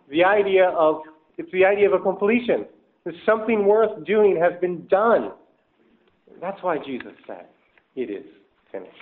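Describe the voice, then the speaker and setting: A man preaching a sermon in a somewhat high voice, working through numbered points one at a time and explaining each. He lifts his voice to stress key words. The sound is thin and narrow, like a phone line. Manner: structured, explanatory, rises for emphasis. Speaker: pastor. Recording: tinny phone-like audio.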